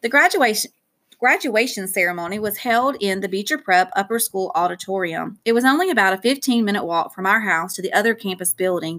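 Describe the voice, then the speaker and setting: A woman narrating a novel aloud in a clear, steady storytelling manner. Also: medium pitch. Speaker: audiobook narrator.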